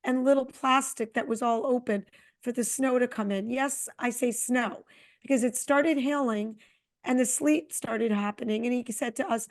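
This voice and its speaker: A middle-aged woman co-hosting a podcast, chatting casually and telling a long, animated travel story. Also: a little high, normal speed. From Connecticut. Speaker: podcast co-host. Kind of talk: casual chat.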